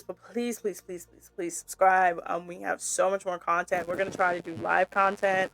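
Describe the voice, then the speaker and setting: A woman's voice: on the low side, level tone, normal speed, gravelly, few pauses, fairly bright tone, soft background music. A woman co-hosting a sports and pop culture podcast, wrapping up the episode in an effusive, bubbly way. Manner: bubbly, effusive, pleading with listeners. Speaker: podcast co-host. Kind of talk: casual chat, sign-off.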